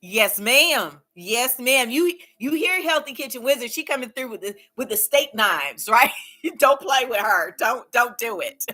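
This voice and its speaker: A woman's voice: on the high side, lively intonation, a little slow, sharp tone. A woman hosting a casual livestream, reading viewer comments aloud and cheering them on with frequent laughter and repeated phrases. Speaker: livestream host.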